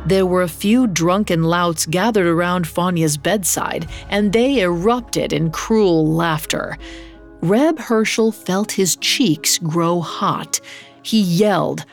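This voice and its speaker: A woman narrating a scripted story in a measured, steady reading. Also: fairly low pitch, faint music behind.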